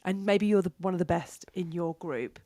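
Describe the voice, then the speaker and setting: A woman hosting a podcast, excitable and jokey in casual chat. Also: lowish voice, no echo. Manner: excitable, jokey, quick restarts. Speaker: podcast host.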